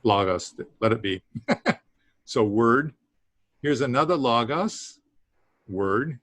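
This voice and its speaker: Slow, halting man teaching a class. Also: mid-range voice, expressive, fairly bright tone, no room sound. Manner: halting, with many fillers and small laughs. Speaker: Greek teacher. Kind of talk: classroom lesson.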